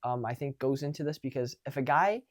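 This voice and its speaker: A young man giving casual dating advice, animated and swearing freely. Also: mid-range voice, fairly quick, no echo, clean studio sound. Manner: animated, acts out quoted exchanges, swears casually. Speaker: dating coach.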